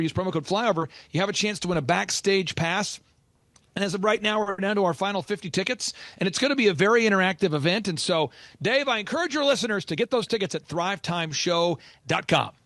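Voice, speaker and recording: A man's voice: high-pitched, lively intonation, fast talker, a bit bright, no room sound. A man talking as a business coach on a podcast, emphatic and urgent, repeating key lines for stress. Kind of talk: motivational podcast talk.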